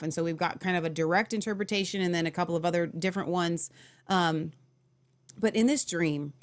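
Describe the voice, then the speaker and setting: A woman hosting a show, telling a story in a casual, earnest, conversational way and correcting herself as she goes. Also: on the low side. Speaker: show host.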